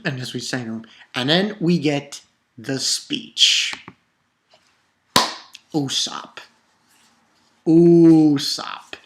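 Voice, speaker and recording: A woman casually reviewing a manga chapter on video, excitable and profane, rambling with restarts. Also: rumbling low, slow, pauses often, heavy background noise.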